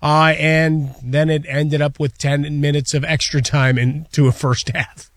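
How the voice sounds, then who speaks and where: A man co-hosting sports radio in relaxed, joking banter. His slightly higher voice is dry and close to the mic. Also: measured pace, dry recording. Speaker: co-host. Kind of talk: casual sports radio chat.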